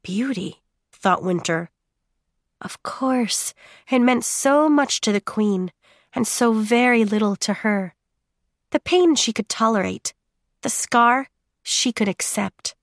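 A woman giving dramatic audiobook narration in a steady, measured way with drawn-out pauses. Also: a little high, no room sound, studio quality.

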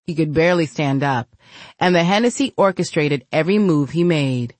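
A woman's voice: low-pitched, normal speed, no echo. A woman narrating a gritty novel as an audiobook, reading expressively. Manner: expressive, voices each character. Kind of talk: scripted narration.

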